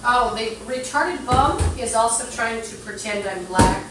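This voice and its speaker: A woman's voice: on the high side, measured pace, echoey room, noisy background. A woman on a phone live stream, talking in an agitated, rambling monologue full of profanity. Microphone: phone streaming app.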